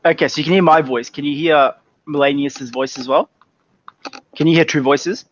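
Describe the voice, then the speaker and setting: A man's voice: a little high, steady tone, normal speed, lo-fi sound, a little hiss or hum. A man with an Australian accent co-hosting a podcast, talking reassuringly to the viewers in casual banter. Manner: reassuring, talks straight to viewers. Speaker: podcast co-host.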